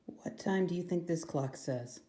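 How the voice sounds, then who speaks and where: A woman's voice: on the low side, unhurried, dark tone. A woman teaching young children, asking patient, sing-song questions. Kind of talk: classroom lesson for young children. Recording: echoey room, mic far off.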